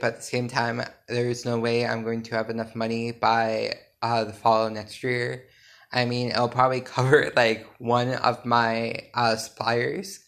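A drowsy man talking straight to his listeners in a loose, unscripted podcast update. His voice sits in an ordinary middle register. He wanders through his points with frequent fillers and quick self-corrections. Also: mid-range voice, a bit bright. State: sleepy. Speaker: podcast host and small business owner. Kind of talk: casual solo podcast update.

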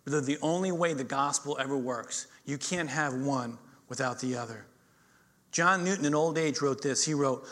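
With a mid-range voice at normal speed, a middle-aged male pastor preaches and tells stories, moving from loud, emphatic moments to quietly intense ones.

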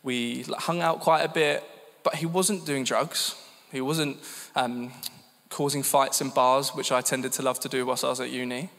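A man's voice: medium pitch, steady tone, moderate pace, a bit bright. English man telling his story in a reverberant hall. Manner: candid, self-deprecating, conversational. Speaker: church speaker giving testimony. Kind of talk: personal testimony talk. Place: church hall. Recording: long reverb in a church hall.

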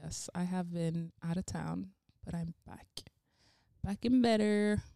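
A woman's voice: fairly low pitch, measured pace, vocal fry, mellow, no echo, clean studio sound. A young woman guest-interviewing on a podcast, bubbly and giggly, chatting in long run-on stretches. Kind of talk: casual podcast chat.

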